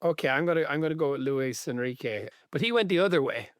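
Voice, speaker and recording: A man co-hosting a casual football podcast, relaxed and wryly teasing his co-host. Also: fairly high pitch, quick pace, dry recording, clean studio sound.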